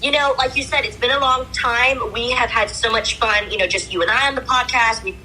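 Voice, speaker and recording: A woman's voice: on the high side, fairly quick, bright, forceful tone, slight background noise, rough recording. A woman co-hosting a podcast in a bubbly, joking manner. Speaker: podcast co-host. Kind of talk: casual podcast chat.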